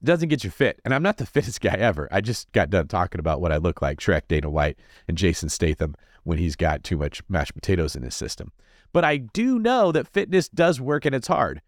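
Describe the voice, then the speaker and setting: A man hosting a real estate podcast, talking in an animated, jokey and energetic way, answering listener comments. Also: deep voice, brisk, no echo, clean studio sound. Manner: animated, jokey, fidgety delivery. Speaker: podcast host. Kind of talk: energetic casual monologue.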